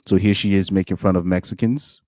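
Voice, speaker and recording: A man's voice: deep voice, steady tone, a little fast, darkish tone, dry recording, clean studio sound. A young adult man doing casual reaction commentary, reading posts aloud with incredulous asides and trailing restarts. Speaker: commentary streamer.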